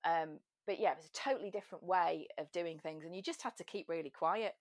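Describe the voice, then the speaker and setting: A woman's voice: on the low side, quick pace, no room sound. Chatty English woman, dry close sound. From England. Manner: chatty, animated, slips into voices and laughs. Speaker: podcast guest, actor. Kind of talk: casual chat.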